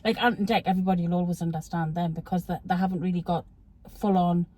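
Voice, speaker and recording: A woman's voice: fairly low pitch, fairly even intonation, fast, mellow, no room sound. A middle-aged woman with a Geordie accent from Newcastle, chatting casually and telling stories as the host's mother. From Newcastle, England. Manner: chatty, storytelling. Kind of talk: casual chat.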